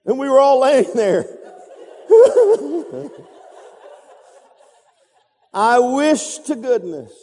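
A man's voice: very high-pitched, big pitch swings, extremely slow, pauses often, mellow. A man preaching a sermon, telling a story dramatically with sound effects and repetition. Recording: reverberant hall.

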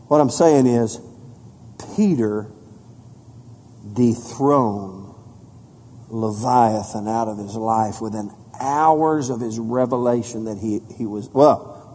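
A man preaching a sermon as pastor, reading scripture with rising emphasis and dropping low and soft for solemn points. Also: slightly rough. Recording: hall reverb.

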